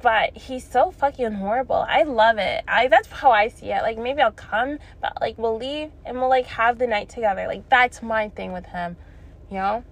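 High-voiced young woman ranting bluntly. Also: normal speed. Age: young adult. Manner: blunt, profane, laughs between lines. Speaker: vlogger. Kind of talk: casual storytime rant.

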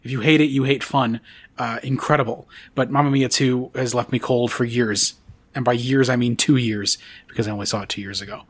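A man's voice: medium pitch, fairly even intonation, brisk. A man hosting a podcast in casual chat, rambling and enthusiastic with lots of fillers. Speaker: podcast host.

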